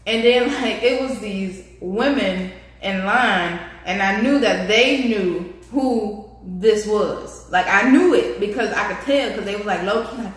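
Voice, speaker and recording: A young woman vlogger telling a casual story, animated and slangy, speaking straight to her viewers. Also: mid-range voice, slow, few pauses. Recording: echoey room.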